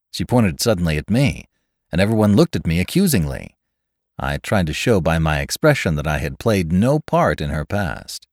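A man narrating a classic novel aloud in an expressive, lively reading. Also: deep voice, normal speed, no room sound, clean studio sound. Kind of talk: scripted audiobook narration.

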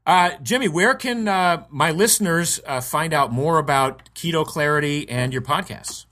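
A man's voice: a little high, moderate pace, sharp tone. A man interviewing a guest, enthusiastic and repeating words as he starts sentences. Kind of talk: casual interview.

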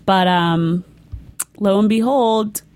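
A woman's voice: medium pitch, slow, a little mellow, clean tone. Giggly, enthusiastic woman co-host. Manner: enthusiastic, giggly fan talk. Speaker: co-host of a TV aftershow. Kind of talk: casual gossip chat.

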